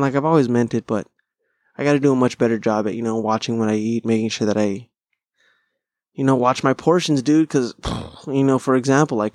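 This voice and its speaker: A man's voice: medium pitch, a little mellow, dry recording, clean studio sound. Profane, rambling male podcast host. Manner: rambling, profane, self-deprecating. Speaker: podcast host and stand-up comic. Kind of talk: casual solo podcast chat.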